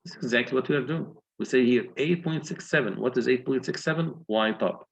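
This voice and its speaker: A man's voice: medium pitch, fairly quick, gravelly, a little hiss or hum, poor audio. A man with an Egyptian accent giving a university engineering lecture, explaining step by step and often checking that students follow.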